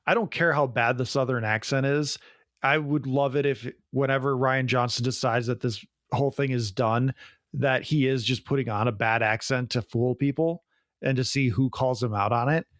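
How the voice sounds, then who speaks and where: A man's voice: mid-range voice, steady tone, normal speed, a bit bright, dry recording, clean studio sound. A young adult man co-hosting a podcast, reviewing a film in casual, rambling chat full of "like". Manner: rambling, enthusiastic, many "like"s. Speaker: podcast co-host.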